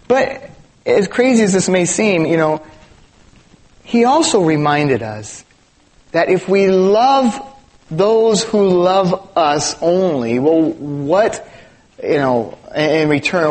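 A middle-aged man from East Los Angeles preaching a sermon as pastor, conversational and animated, often asking the congregation rhetorical questions. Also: fairly high pitch, takes it slowly.

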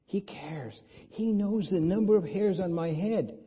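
Husky-voiced man preaching a sermon. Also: sits high, animated, a little slow. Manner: conversational preaching with rhetorical questions. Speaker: pastor. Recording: dull lo-fi sound.

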